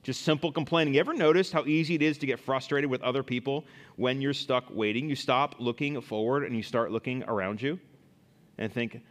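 A man's voice: medium pitch, fairly quick, big-room sound. A man preaching a sermon as a pastor, reading Bible verses and giving everyday examples.

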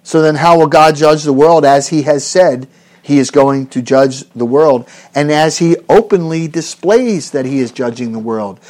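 Preacher guy, highish voice, earnest and emphatic, keeps asking questions and restarting lines. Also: normal speed, darkish tone. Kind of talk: expository sermon.

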